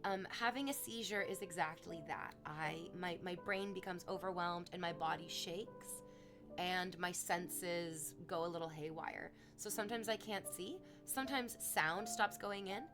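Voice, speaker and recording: With music in the background, a young female streamer talks a little slowly, rambling casually to her viewers and mocking herself. She bursts into high squeals of excitement over gifted subs.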